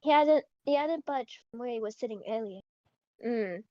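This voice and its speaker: A woman's voice: fairly high pitch, expressive, moderate pace, no room sound, lo-fi sound. A young woman reading a story aloud casually, giggling, stumbling and breaking off to comment. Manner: giggly, stumbling, self-interrupting.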